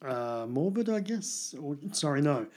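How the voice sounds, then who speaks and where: Male co-host, chatty and rambling, fairly high-pitched, casual banter. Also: sing-song, measured pace, darkish tone. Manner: chatty, rambling, self-deprecating. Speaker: podcast co-host. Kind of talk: casual chat about TV and movies.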